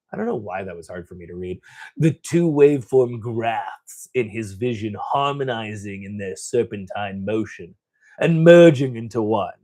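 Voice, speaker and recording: A man's voice: fairly low pitch, darkish tone. A man hosting a gaming channel, casually reading a novel aloud, stumbling over words and breaking off with joking asides.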